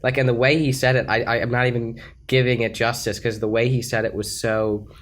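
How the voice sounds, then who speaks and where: A seventeen-year-old man co-hosting a casual podcast, excitable and quick to cut in on the others. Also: mid-range voice. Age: teens. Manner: excitable, jumps in and cuts others off. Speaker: podcast co-host. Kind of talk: casual chat.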